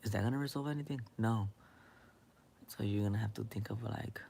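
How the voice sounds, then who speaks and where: A young man rambling in a late-night monologue, hesitant and halting, with many fillers, often dropping into a whisper. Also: fairly low pitch, vocal fry, mellow, a little hiss or hum. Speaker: vlogger.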